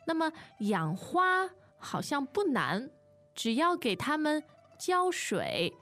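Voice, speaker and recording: Woman, podcast teacher, animated speech, frequent short affirmations, clear diction. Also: high voice, soft background music. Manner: speaks slowly, clearly, with many short affirmations. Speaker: language teacher and co-host. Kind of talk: podcast language lesson.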